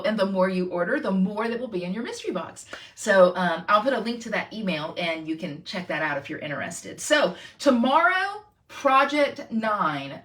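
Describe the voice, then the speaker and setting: Bubbly woman, lively voice. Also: medium pitch. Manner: bubbly, self-deprecating, talks to viewers. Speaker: crafting channel host. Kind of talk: chatty craft tutorial.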